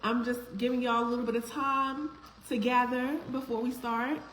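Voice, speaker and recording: A woman hosts a casual live stream, warmly greeting her viewers by name. Her voice sits fairly high. The room is echoey, with a faint hiss of noise underneath. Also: fairly even intonation, normal speed.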